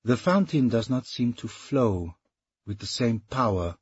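A man's voice: mid-range voice, animated, a little slow, slightly rough, no echo, dull audio, voice pushed up. A man voicing an impatient, capricious medieval king who speaks imperiously in an audiobook. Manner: imperious and petulant.

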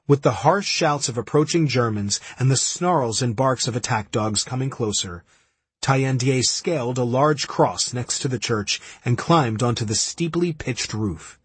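A man reading a nonfiction audiobook aloud in a grave, measured storytelling manner, with a husky voice. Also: medium pitch, no room sound. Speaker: audiobook narrator. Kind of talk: scripted narration.

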